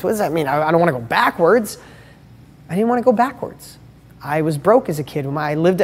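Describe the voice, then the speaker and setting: A man's voice: on the high side, darkish tone, breathy edge. Emphatic motivational man, reverberant room. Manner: emphatic, heartfelt, rhetorical questions. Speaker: host. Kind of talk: motivational live-stream talk.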